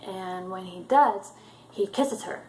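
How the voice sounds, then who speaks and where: A woman with a medium-pitched voice slowly and casually retells a book chapter for her viewers, hesitant and full of ums and uhs, her sentences loosely strung together. The recording is low quality, with slight background noise.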